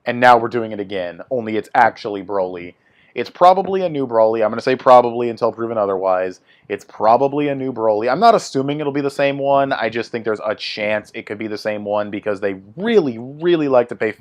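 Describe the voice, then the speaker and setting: A young man hosting his own video, giving a blunt, swearing opinion rant in a casual way. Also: fairly low pitch. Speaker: video host.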